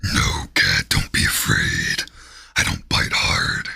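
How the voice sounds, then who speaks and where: A man voicing a deep, growling male demon that speaks slowly and teases in a playfully threatening way. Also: bright, forceful tone. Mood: teasing, menacing. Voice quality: gravelly, cavernous low growl. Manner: slow, teasing, playfully threatening. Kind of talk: live-stream character voice.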